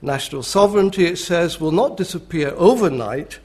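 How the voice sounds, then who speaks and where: An older man, a history professor, giving a public lecture in a dry, measured, ironic manner. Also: fairly high pitch, a little mellow, husky.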